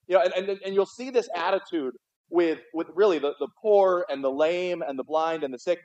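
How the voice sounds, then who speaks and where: A man's voice: high-pitched, moderate pace, a little mellow. A man preaching a sermon as pastor in a church, talking conversationally and often stumbling and repeating his words. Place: church sanctuary. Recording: dull, muffled livestream audio.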